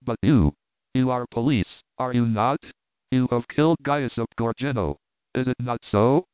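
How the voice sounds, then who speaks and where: An impassioned young Italian wife pours out her words, as a male reader puts her on. The sound is dry and tinny like a phone line, yet the voice stays smooth. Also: mid-range voice, unhurried, no room sound, lightly acted. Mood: pleading. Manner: impassioned, exclaiming.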